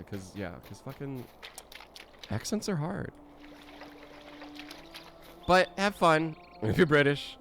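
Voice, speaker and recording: A man streaming a game, chatting casually and playfully, often giggling and joking to himself. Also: medium pitch.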